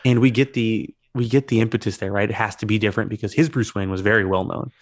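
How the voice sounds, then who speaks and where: A man co-hosting a casual film podcast, explaining his points eagerly and quickly. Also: fairly low pitch, no echo, studio quality. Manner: animated, quick explaining, demonstrates voices. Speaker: podcast co-host.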